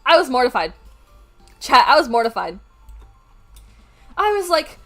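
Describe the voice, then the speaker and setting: A woman streamer telling a story to her chat at home, animated, swearing freely and laughing as she goes. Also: high voice, moderate pace, pauses often, soft background music. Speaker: art streamer.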